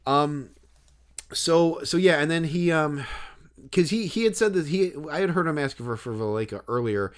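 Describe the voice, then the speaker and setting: A man's voice: a little high, expressive, normal speed. A man co-hosting a podcast, telling a story in casual chat, rambling and hesitant with many fillers and restarts. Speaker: podcast co-host.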